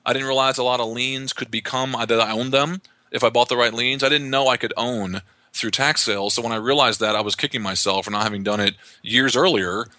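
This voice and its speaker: A man being interviewed as a real estate investor, explaining in an animated way with lots of restarts. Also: medium pitch, brisk, no room sound. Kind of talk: conversational podcast interview.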